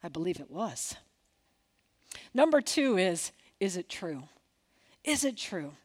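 A woman's voice: lowish voice, sing-song, slow. A woman preaching a sermon, acting out quoted dialogue with big swings and dropping to near whispers. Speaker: pastor.

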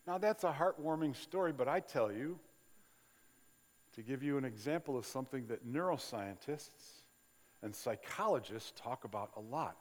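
Older pastor preaching in a reverberant hall. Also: male voice, medium pitch, expressive, moderate pace. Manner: conversational storytelling with acted-out quotes. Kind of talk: sermon. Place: large church sanctuary. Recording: long reverb of a large hall.

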